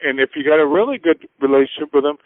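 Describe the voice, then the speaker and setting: A man with a fairly high voice gives earnest, casual business advice as a radio guest. His voice comes through thin and boxy like a phone line, with no room echo. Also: lively intonation, fast. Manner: earnest, acts out little scenes in voices. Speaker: finance guest. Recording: tinny phone-like dry sound.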